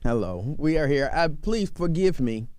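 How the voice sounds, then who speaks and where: Male call-in radio host, slightly high voice, chatty, laughs easily, dry booth mic. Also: big pitch swings, normal speed, a little mellow, no echo. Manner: chatty, keeps breaking into laughter. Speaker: radio talk show host. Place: radio studio. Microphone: studio microphone.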